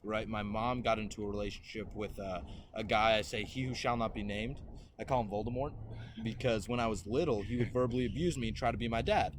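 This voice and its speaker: A young man hosts a casual podcast chat, speaking on the low side and fairly quickly, with slight background noise. He's an animated storyteller who acts out quotes and swears freely.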